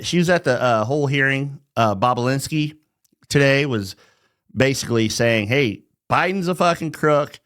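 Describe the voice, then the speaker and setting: A middle-aged vlogger goes on a loose, profane rant, his pitch jumping up and down as he mocks his targets and chuckles mid-sentence. The casual monologue sounds close and dry, with no room sound at all.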